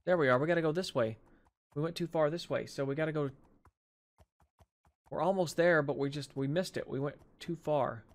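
A man's voice: fairly high pitch, normal speed, long pauses. A man casually commenting as he plays a video game, chatting to himself and to the animals on screen, with a sore jaw from dental work. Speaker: gaming channel host. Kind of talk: casual let's play commentary.

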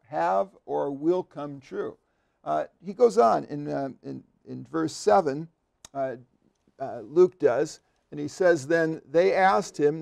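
A man, a seminary professor, gives an unscripted commentary on a Bible passage, pausing often, restarting phrases and stressing key words. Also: a little high, vocal fry, a little mellow. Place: podcast studio.

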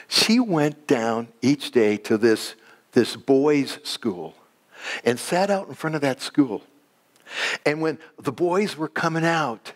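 A man delivers a sermon in church, lively and climbing in pitch at moments of excitement, then turning quiet, slow and deep in prayer.

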